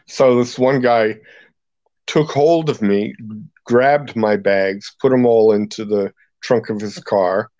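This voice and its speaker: A man's voice: lowish voice, slow, a little mellow, dry recording, dull audio. A man from Ireland, a guest priest, telling wry anecdotes in an interview and chuckling often. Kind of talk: storytelling in a podcast interview.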